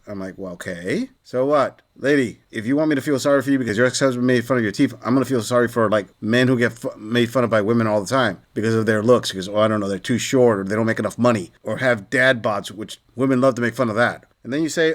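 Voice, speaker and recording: A man's voice: medium pitch, fast talker. A man hosting a reaction commentary, sarcastic, blunt and lecturing. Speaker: commentary channel host.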